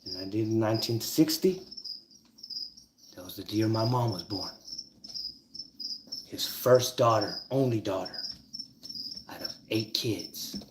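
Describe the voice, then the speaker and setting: A man's voice: fairly low pitch, a little slow, pauses often, noisy background. A man telling stories and teaching a numbers trick in a casual, profane, emphatic way. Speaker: numerology teacher. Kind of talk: casual storytelling monologue.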